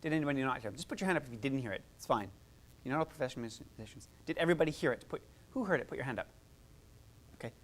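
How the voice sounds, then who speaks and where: Music therapist, live workshop coaching, encouraging, chatty, very lively pitch. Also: rapid-fire. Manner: animated, encouraging, chatty asides.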